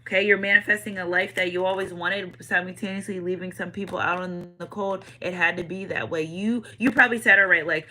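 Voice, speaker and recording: Bright-voiced woman giving a tarot reading. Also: lowish voice, fairly even intonation, brisk, hardly any pauses, slight background noise, rough recording. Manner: slangy, repeats catchphrases, talks straight to viewers. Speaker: tarot reader.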